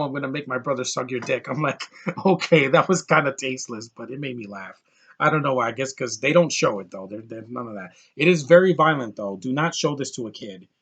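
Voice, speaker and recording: A man's voice: medium pitch, gravelly, a bit bright, breathy edge. A man giving a casual, blunt film review, ranting and exasperated about what he dislikes. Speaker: movie reviewer.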